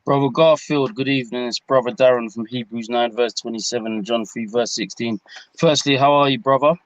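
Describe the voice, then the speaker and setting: A man's voice: mid-range voice, fairly even intonation, a little fast, dry recording, poor audio. A man with a London English accent, calling in politely with many hesitations and restarts. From England. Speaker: caller. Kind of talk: casual call-in conversation.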